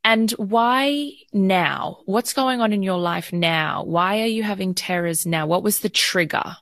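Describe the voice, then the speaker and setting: A woman's voice: medium pitch, measured pace, fairly bright tone, no room sound, clean studio sound. A woman hosting a podcast interview, probing with short follow-up questions. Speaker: podcast host.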